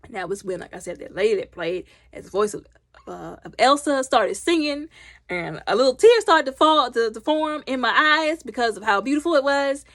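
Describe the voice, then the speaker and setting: A loud, talkative woman retells a film scene by scene, putting on the characters' voices as she goes. Her voice has a gravelly fry. Her pitch rises and falls a lot, and the sound is dry and close. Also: expressive, brisk, no room sound. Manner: chatty, retells scenes by acting out characters' lines. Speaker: movie reviewer. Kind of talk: casual movie recap.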